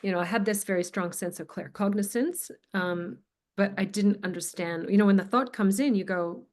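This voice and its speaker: A woman hosting an interview, speaking casually and hesitantly with many pauses and fillers. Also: mid-range voice, darkish tone. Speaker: host, medical intuitive.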